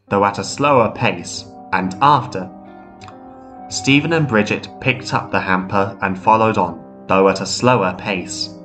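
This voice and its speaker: A man narrating a ghost story in a measured, steady way. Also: lowish voice. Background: faint guitar music.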